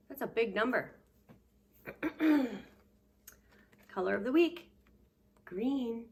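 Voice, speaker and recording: A woman teaching a remote preschool lesson, patient and sing-song, sometimes dropping to a hushed whisper to give clues. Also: medium pitch, big pitch swings, slow pace, long pauses, very noisy. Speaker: daycare teacher.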